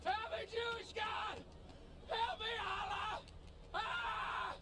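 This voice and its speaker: A man's voice: level tone, takes it slowly, shouting, noisy background. An actor voicing a panicked cartoon man who wails desperate prayers, heard as a clip played into the stream. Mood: frantic pleading. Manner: shrill, desperate wailing.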